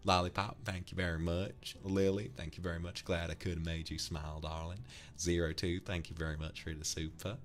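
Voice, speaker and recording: A man's voice: deep voice, little pitch movement, a little fast, faint music behind. A man from the UK, streaming and casually thanking viewers for donations, affectionately calling them darling. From United Kingdom.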